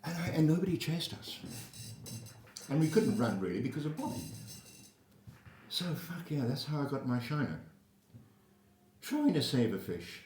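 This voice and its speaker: With a fairly high voice at normal speed, broken by long pauses, an older man from South Africa casually tells a wandering, profane anecdote with animated flair. Slight background noise sits under a roomy echo, and the mic is distant.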